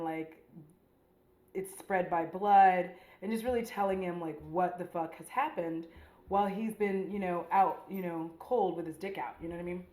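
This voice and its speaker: A woman with a fairly low voice rambles through a casual makeup chat, full of slang, swearing and filler "likes." The room around her is echoey and bare. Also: darkish tone. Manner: rambling, slangy and profane, with frequent "like". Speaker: beauty vlogger.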